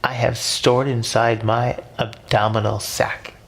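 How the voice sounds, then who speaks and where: A man voicing a giant female octopus in a storybook, stern but caring, speaking slowly and firmly. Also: mid-range voice, level tone, a bit bright. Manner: firm, slow and instructive.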